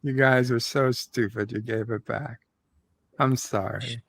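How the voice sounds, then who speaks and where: A man's voice: medium pitch, fairly even intonation, unhurried, no echo. A man on a casual morning stream chat, wisecracking with dry humor.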